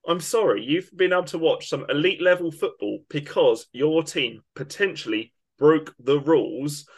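A man's voice: on the high side, moderate pace, hardly any pauses, breathy edge. A man co-hosting a football podcast, ranting with emphatic indignation. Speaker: podcast co-host. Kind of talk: opinionated football podcast rant.

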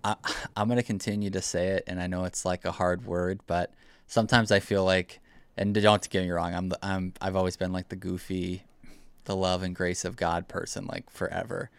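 Low, flat-voiced reflective man. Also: moderate pace, clear, resonant tone, no echo. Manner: reflective, hesitant, self-deprecating. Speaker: podcast co-host. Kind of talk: casual chat.

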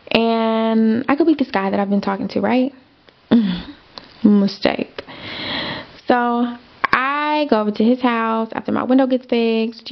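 Gravelly-voiced woman podcaster, candid chat. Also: a little high, lo-fi sound. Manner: candid, chatty, many fillers and asides to listeners. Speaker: podcast host. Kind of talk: personal storytelling chat.

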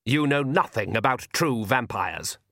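An arrogant vampire count, voiced by a male reader in a storybook, who talks haughtily and with little patience. The voice sits at an ordinary male pitch, recorded dry and close. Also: animated, measured pace, fairly bright tone, no room sound. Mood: haughty. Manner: arrogant, impatient.

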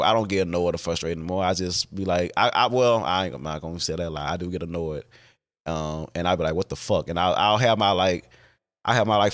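A man hosting a podcast, talking alone in a casual, candid way, with many fillers and restarts and casual swearing. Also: low voice. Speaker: podcast host.

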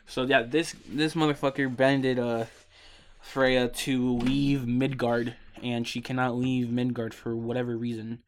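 A man's voice: mid-range voice, flat delivery, measured pace, smooth. A sleepy young man hosting a podcast, recapping a video game in a rambling, casual way with lots of ums and swearing. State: sleepy, yawning. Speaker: podcast host.

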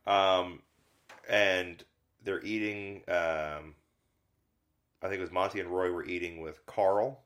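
A man's voice: low-pitched, fairly even intonation, slow pace, pauses often, fairly bright tone. A man co-hosting a casual film podcast, rambling with lots of fillers and restarts. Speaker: podcast co-host reviewing films. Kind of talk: casual chat.

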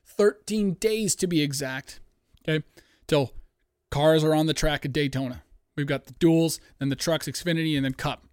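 A man hosting a sports-betting podcast from home, hyped and profane, breaking into yelling on a close mic. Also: fairly high pitch, moderate pace, clear, resonant tone, no room sound. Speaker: podcast host. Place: home studio, dogs nearby.

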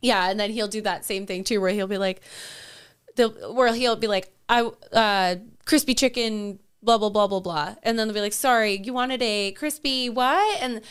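A woman co-hosting a casual podcast, animated and teasing, who laughs a lot. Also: medium pitch, moderate pace, clear, resonant tone. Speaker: podcast co-host. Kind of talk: casual chat.

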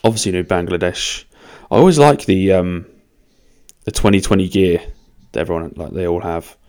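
A man's voice: low-pitched, moderate pace, darkish tone. A young man hosting his own podcast, talking in a loose, rambling, sweary way and poking fun at himself. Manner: loose, sweary and self-mocking. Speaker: podcast host. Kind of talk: casual rambling monologue.

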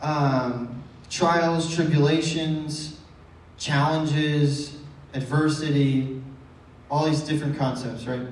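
A man with a fairly high, fairly even voice speaks slowly, preaching a casual, conversational sermon and often putting rhetorical questions to the congregation. He's a pastor in a church sanctuary, recorded from a distance in an echoey hall.

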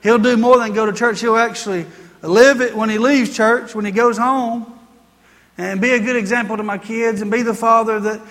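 A man's voice: extremely high pitch, fairly even intonation, normal speed, fairly bright tone, big-room sound. A man voicing a gloomy, complaining middle-aged wife who grumbles about her husband, in a sermon. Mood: glum grumbling. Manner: grumbling, self-pitying.

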